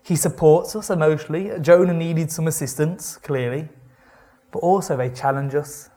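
A man giving a conversational sermon, reading scripture and retelling it with wry, animated asides. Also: fairly high pitch, normal speed. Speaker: preacher.

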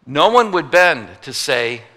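A male pastor preaching a sermon, telling the story with lively rhetorical questions and joking asides. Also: fairly high pitch, takes it slowly. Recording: long hall reverb.

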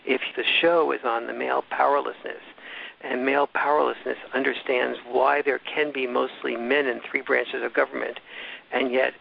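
A man's voice: mid-range voice, flat delivery, moderate pace, vocal fry, a little hiss or hum. A man as an interview guest, explaining things at length in a discursive, casual way with frequent restarts. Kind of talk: casual storytelling in conversation. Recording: dull, slightly lo-fi recording.

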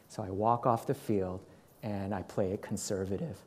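A middle-aged man preaching, telling a personal story in an animated way and acting out what people said. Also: lowish voice, moderate pace, a little hiss or hum. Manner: animated storytelling with acted quotes. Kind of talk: sermon storytelling.

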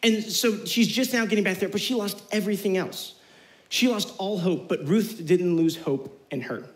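A young man giving a casual, slangy youth sermon, animated as he retells the story. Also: sits high, normal speed, low-quality recording. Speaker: youth pastor.

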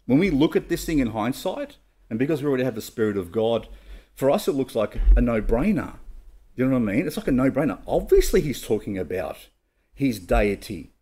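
A man delivers a sermon, mid-pitched and very lively in his intonation, rising and falling freely. He reads old-style scripture aloud and talks it through in a casual, questioning way, asking questions and answering them himself. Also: a little fast, husky. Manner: conversational preaching, asks and answers his own questions; reads scripture aloud in King James wording. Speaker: pastor.

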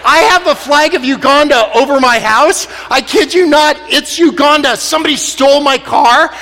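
A man telling comic stories on stage, animated and laughing often. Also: very high voice, normal speed. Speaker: speaker. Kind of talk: comic storytelling talk. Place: stage in a large hall. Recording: long hall reverb.

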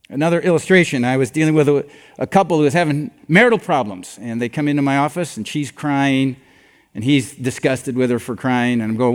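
An older man preaches a sermon as a pastor, telling stories and animatedly acting out the dialogue. His mid-range voice moves at a moderate pace, carried by the long reverb of a large hall.

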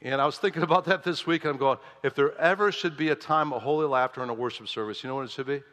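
A male pastor preaching a lively sermon, playful and animated, often jumping to high exclamations, in a church. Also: fast, few pauses, big-room sound. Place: church sanctuary.

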